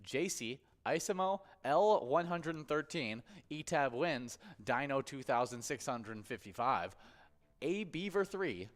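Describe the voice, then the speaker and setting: A man's voice: medium pitch, animated, unhurried. A man co-hosting a bingo livestream in casual chat, upbeat as he rattles off player names and point totals. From Minnesota. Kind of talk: casual chat, reading standings.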